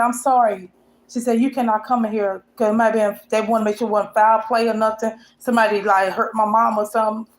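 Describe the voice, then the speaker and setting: A woman telling a painful personal story to her vlog audience in a rambling, emotional, colloquial way. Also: fairly high pitch. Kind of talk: casual storytelling.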